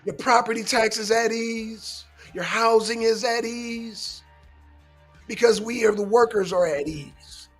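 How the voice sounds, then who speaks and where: A man's voice: extremely high pitch, measured pace, a bit bright, soft background music. A man hosting a casual political commentary show, lecturing his listeners emphatically and swearing often.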